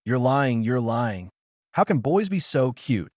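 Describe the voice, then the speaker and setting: A man voicing an excitable, hot-tempered teenage ninja girl with gushing, indignant outbursts. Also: mid-range voice, measured pace, dry recording, clean studio sound. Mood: shocked.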